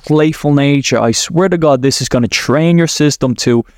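Male podcast coach, slightly high voice, loose rambling delivery, dry close-miked sound. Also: normal speed, a little mellow, no echo. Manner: rambling, self-correcting, laughs at himself. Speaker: podcast host, NLP coach. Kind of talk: guided visualization talk.

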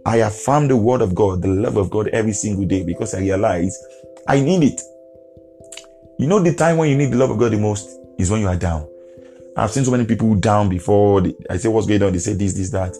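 A man's voice: lowish voice, brisk, warm tone, faint music behind. A man preaching an earnest devotional podcast sermon, repeating phrases for emphasis.

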